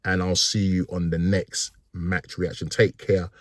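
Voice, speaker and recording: A man hosting a casual football match reaction, rambling and resigned, with many pauses. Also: low voice, level tone, no echo. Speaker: football fan channel host.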